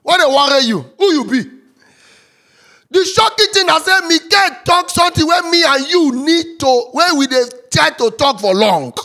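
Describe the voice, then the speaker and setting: A man speaking Nigerian Pidgin English, ranting as a football fan in a sing-song, excitable way that swings from loud to muttering. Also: extremely high pitch, moderate pace. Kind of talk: animated sports rant.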